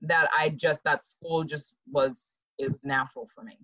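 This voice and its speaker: Chatting casually as a podcast guest, a woman in her thirties tells stories with animation and laughs a lot. She speaks low-pitched at a moderate pace, recorded muffled with no room sound.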